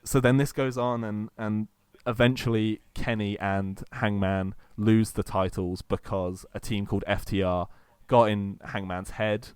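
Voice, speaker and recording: Brief: male podcast cohost, lowish smooth voice, dry close sound, eager rambling storyteller who acts out the quotes. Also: a little slow, hardly any pauses, no room sound. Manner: excited storytelling, acts out quotes, many fillers. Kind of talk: casual chat.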